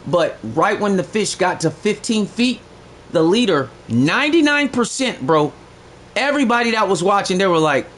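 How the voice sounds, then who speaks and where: High-voiced man bragging on a live stream. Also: moderate pace. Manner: boastful, profane, slangy, gets loud and excited. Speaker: livestreamer. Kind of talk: casual live-stream chat.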